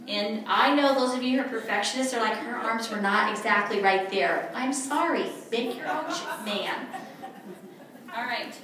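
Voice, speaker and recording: A woman's voice: sits high, bright, forceful tone. A woman leading a live workshop demonstration for an audience, playful and teasing as she gives instructions. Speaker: workshop presenter. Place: event room at a retreat. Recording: echoey room, mic far off.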